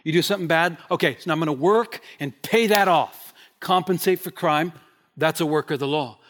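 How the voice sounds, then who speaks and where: A man's voice: a little high, a little fast. Emphatic man preaching a sermon. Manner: emphatic, repeats key phrases, swings from loud to hushed. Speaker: pastor.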